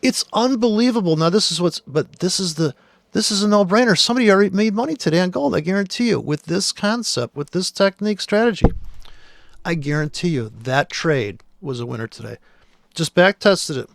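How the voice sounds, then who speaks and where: A man talks through trading charts in a blunt, exasperated rant full of swearing. His voice sits high for a man. The sound is dry and close, with no room echo. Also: lively intonation, a little fast, creaky. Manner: blunt, profane, exasperated ranting. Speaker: trader. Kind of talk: screen-share chart commentary.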